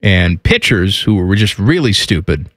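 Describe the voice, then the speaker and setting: A man's voice: deep voice, big pitch swings, measured pace, fairly bright tone, no echo, studio quality. A man co-hosting a sports radio show, making blunt wisecracks and reading off statistics in a casual way.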